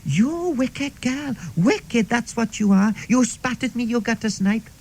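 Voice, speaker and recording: A man's voice: sits high, lively intonation. A man putting on a strict, prim older female schoolteacher in a radio comedy monologue. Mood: shrieking. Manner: prim and clipped, quickly shrieking.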